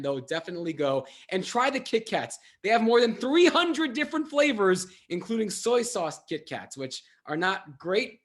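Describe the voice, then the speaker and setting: Lively high-voiced game host. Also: male voice. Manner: upbeat, playful, self-mocking jokes. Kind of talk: hosting an online trivia game.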